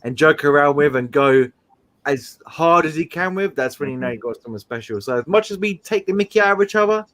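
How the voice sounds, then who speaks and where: A man hosting a live stream, telling rambling, animated stories with frequent laughs. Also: fairly high pitch, a little fast. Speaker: streamer host. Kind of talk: casual live-stream chat.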